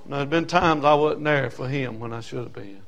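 A man's voice: medium pitch, normal speed, vocal fry, a bit bright. An older man preaching a sermon, impassioned and folksy, building on rhythmic repetition.

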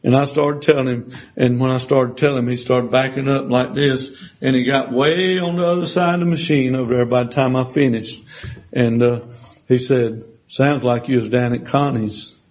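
A man's voice: medium pitch, steady tone, moderate pace, a little mellow. A man preaching a sermon, telling a personal testimony in a folksy way, with restarts and acted-out quoted voices. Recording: dull lo-fi sound.

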